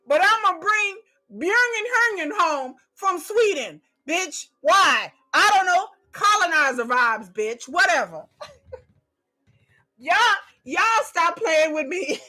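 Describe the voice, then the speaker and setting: A woman's voice: very high voice, expressive, slow, pushed and bright. A woman doing a live reaction stream, delivering a profane comedic rant. She swears constantly, repeats lines for emphasis and keeps breaking into laughter.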